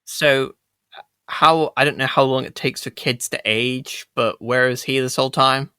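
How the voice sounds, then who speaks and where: A man's voice: medium pitch, fairly even intonation, measured pace, pushed and bright, smooth, no echo, clean studio sound. A man who is a guest on a film podcast, asking playful questions in casual chat.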